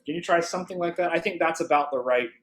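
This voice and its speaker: A man's voice: on the high side, fast, soft background music. A man teaching a clarinet masterclass over a video call. He thinks aloud with restarts and fillers, and sings the phrases on nonsense syllables to show what he means. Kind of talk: masterclass coaching.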